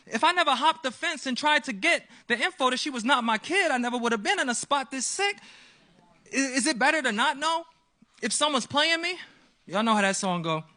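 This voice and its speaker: A male spoken word poet with a strikingly high, piercing voice. He delivers a story in rhyming verse with a steady performance rhythm. He slips into each person's voice as the story unfolds. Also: brisk.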